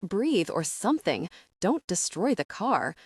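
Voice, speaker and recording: A woman narrator voicing a calm woman who speaks in a low, firm, commanding voice. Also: measured pace, husky, dry recording, studio quality. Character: calm, firm older-sister type woman.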